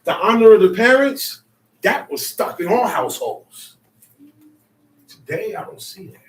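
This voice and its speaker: A man leading a bible study, emphatic and animated, acting out quotes and sometimes shouting. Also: high-pitched, measured pace. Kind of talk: animated spoken teaching. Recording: echoey room, mic far off, faint noise.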